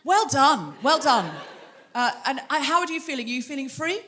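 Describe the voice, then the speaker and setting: A woman's voice: sits high, animated, moderate pace, a bit bright. A middle-aged woman hosting a comedy podcast live on a theatre stage, bantering and teasing the audience. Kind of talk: live stand-up style crowd work.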